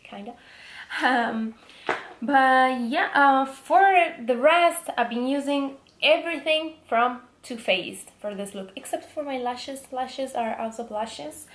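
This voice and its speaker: Young Italian-accented woman vlogger, chatty and upbeat, slightly higher voice, roomy sound. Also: slow, slight background noise. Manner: chatty, enthusiastic, frequent ums. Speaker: beauty vlogger. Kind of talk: casual makeup product talk.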